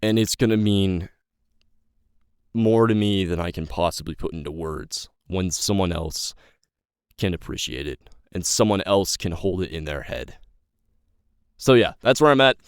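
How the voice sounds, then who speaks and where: A man's voice: deep voice, expressive, unhurried, long pauses, smooth, dry recording, clean studio sound. A nineteen-year-old man giving an impassioned, rambling personal update to his viewers, swearing and stumbling over his words. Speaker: YouTube creator and novelist.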